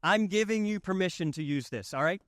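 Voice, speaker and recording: A man's voice: high voice, expressive, fairly quick, a bit bright, no room sound, studio quality. A man with a Southern accent giving a conversational sermon as pastor, joking and repeating lines for emphasis. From Southern United States. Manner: folksy, joking, emphatic repetition.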